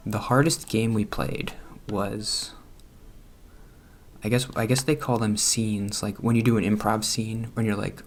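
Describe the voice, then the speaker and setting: A young man with a low, gravelly voice talks casually in a room at home. He rambles and sounds self-conscious, laughing nervously now and then. A faint hum sits under the recording. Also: steady tone, a little slow. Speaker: gaming vlogger. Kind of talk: casual chat over gameplay.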